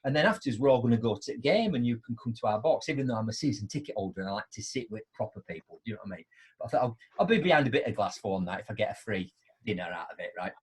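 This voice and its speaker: A middle-aged man hosts a live online show, telling anecdotes in a chatty, animated way and acting out both sides of them. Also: mid-range voice, racing, slightly rough. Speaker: host.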